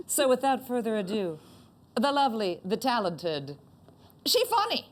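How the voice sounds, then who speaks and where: A woman hosts a loose comedy chat, cracking jokes and laughing as she goes. Her pitch leaps and swoops all over. She drops into silly put-on voices for a line or two. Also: wildly swooping pitch, a little slow. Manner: joking, laughs often, jumps into playful put-on voices. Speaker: host.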